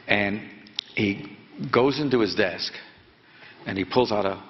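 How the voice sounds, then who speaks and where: A man's voice: lowish voice, a little hiss or hum. Rambling older man in an echoey hall. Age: 70s. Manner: rambling, halting, full of fillers and restarts; prods the audience with quick questions. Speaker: reporter giving a talk to students. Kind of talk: lecture storytelling with audience questions. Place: lecture hall. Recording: echoey hall, dull lo-fi sound.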